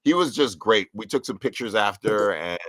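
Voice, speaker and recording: A man casually telling a lively story on a live talk show, acting out what people said with sudden jumps in pitch. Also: normal speed, no echo. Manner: animated, acts out quotes with big pitch jumps. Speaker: co-host.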